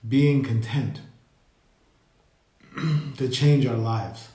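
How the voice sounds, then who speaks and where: A man leading a live meditation talk, speaking slowly and reflectively and greeting viewers as they join. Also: medium pitch, dark tone. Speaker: meditation teacher. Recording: roomy echo.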